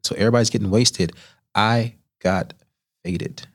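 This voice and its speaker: Animated male chef telling stories. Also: fairly low pitch, normal speed. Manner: animated storyteller who acts out quoted voices. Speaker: chef guest. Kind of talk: storytelling in a podcast interview. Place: podcast studio. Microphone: studio microphone.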